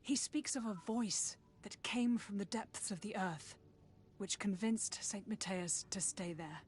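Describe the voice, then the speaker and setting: A woman's voice: medium pitch, unhurried, a little mellow, a little hiss or hum, natural voice. A woman voicing a fleeing female scholar in video game dialogue, earnest and pleading.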